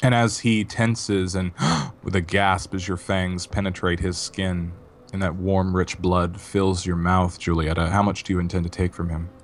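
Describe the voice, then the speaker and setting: Deep, flat-voiced man game master. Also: moderate pace. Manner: descriptive, sensual scene narration. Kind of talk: narrating a tabletop game.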